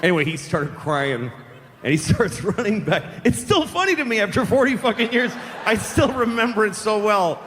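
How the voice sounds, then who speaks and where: A man in his forties telling a stand-up story in a profane, deadpan way, live on stage before an audience. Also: high voice, moderate pace, a little hiss or hum. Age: 40s. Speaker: stand-up comedian. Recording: live hall recording with long reverb.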